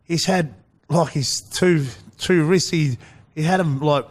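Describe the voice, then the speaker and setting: An Australian man telling rambling stories as a guest in a casual chat, saying "mate" a lot. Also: a little high. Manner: rapid, rambling, says "mate" often. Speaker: interview guest.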